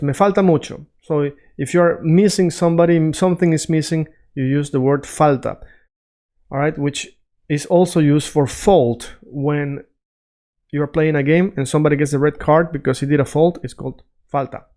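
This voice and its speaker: Brief: male language teacher with a slightly high voice, casual and chatty, keeps asking "right?" while drilling phrases. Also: steady tone, darkish tone. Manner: conversational, checks in often with "right?" and "all right?"; repeats phrases slowly to drill them. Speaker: Spanish teacher. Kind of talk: casual freestyle language lesson.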